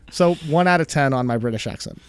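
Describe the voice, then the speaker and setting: A man's voice: mid-range voice, clear, resonant tone, no room sound. A man co-hosting a podcast, telling a story in a chatty, casual way and laughing easily. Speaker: podcast co-host.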